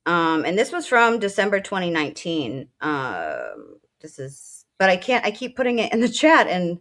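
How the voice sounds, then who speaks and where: A woman's voice: lowish voice, huge pitch swings, normal speed, a bit bright. A woman co-hosting a casual political talk show, a military veteran who speaks bluntly and emotionally, swearing at times. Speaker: co-host.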